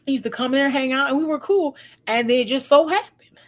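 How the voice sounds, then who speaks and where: High-voiced woman telling stories animatedly. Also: a little fast. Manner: animated, acts out quoted voices, laughs often. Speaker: host giving relationship advice. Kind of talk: casual storytelling advice talk.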